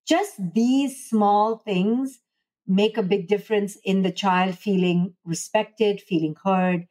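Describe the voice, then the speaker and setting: A woman's voice: medium pitch, measured pace, darkish tone. A woman psychologist answering interview questions in an earnest way, acting out parent and child lines as she explains. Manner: earnest, acts out parent-child dialogue in quotes. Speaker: clinical psychologist and author, podcast guest.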